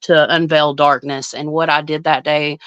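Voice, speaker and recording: A woman's voice: low voice, level tone, normal speed, fairly bright tone, no echo, lo-fi sound. A woman, a psychic medium guest telling a story in casual chat, earnest and emphatic. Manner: earnest, emphatic retelling with frequent restarts.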